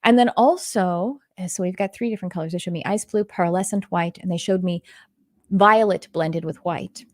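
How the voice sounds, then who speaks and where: A woman's voice: on the low side, moderate pace, no echo, studio quality. A middle-aged woman from Texas, a spiritual teacher talking casually on a live stream, rambling and earnest with many fillers and restarts. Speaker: spiritual teacher giving intuitive readings.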